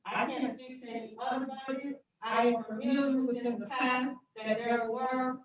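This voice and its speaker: A woman's voice: on the high side, level tone, normal speed, distant mic, background noise. A woman council member speaking firmly at a council meeting, raising pointed objections. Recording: echoey chamber from afar, dull sound, crowd behind.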